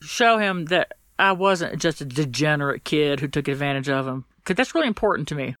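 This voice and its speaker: A woman with a bright, tense, forceful voice tells a personal story as a podcast guest. She is blunt and swears freely, acting out what people said to her. The sound is dry and close, and the emotion sits near the surface. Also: sits low, animated, fairly quick, no echo. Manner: blunt and profane, acts out quoted exchanges.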